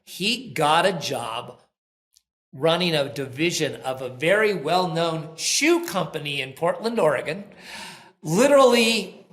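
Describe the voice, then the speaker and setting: Animated founder telling stories, roomy sound. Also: male voice, fairly high pitch, unhurried. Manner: animated storyteller, acts out quoted dialogue. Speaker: company founder and guest. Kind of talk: conversational podcast interview. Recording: roomy echo.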